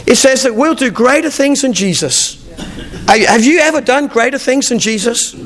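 A middle-aged man preaching a sermon, telling personal stories in an animated way with frequent restarts. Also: extremely high pitch, moderate pace. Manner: animated storytelling, frequent restarts, acts out dialogue. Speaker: pastor.

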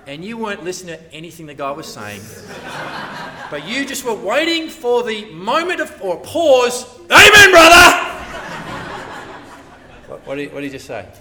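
Lively, bright-voiced preacher. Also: male voice, high-pitched, brisk, far from the mic. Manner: lively, animated, acts out voices of churchgoers, laughs often. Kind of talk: sermon.

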